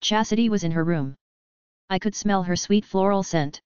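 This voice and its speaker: A woman reading first-person audiobook narration at an even, unhurried pace. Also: mid-range voice, clean tone, dry recording, muffled recording.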